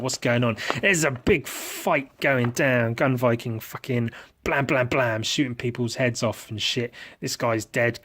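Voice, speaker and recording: A man's voice: mid-range voice, a bit bright. A man hosting a podcast, narrating playfully with lots of swearing and mouth-made sound effects. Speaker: podcast host and miniature painter.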